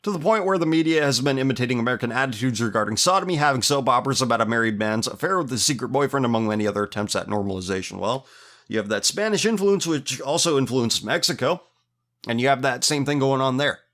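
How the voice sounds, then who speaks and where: A man's voice: mid-range voice, lively intonation, quick pace, fairly bright tone. Sarcastic man hosting a podcast. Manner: sarcastic, mocking, laughs often. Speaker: podcast host. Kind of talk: casual commentary reading listener messages.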